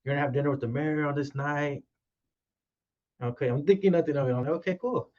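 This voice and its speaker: A man's voice: fairly high pitch, fast. A man, a podcast guest, telling his life story casually and acting out quoted dialogue as he goes. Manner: animated retelling with quoted dialogue. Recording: dull, lo-fi sound.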